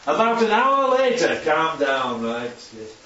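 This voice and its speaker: A man's voice: fairly high pitch, very animated, unhurried, bright, forceful tone, a little hiss or hum. A man preaching a chatty sermon with slides to his congregation, constantly checking in with tag questions. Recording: echoey hall, distant dull mic.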